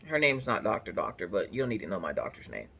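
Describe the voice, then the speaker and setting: Woman, crafting host, casual storyteller; bright, lively, dramatic, salty mouth. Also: rumbling low, fast talker, vocal fry, slightly rough. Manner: animated, dramatic, swears freely.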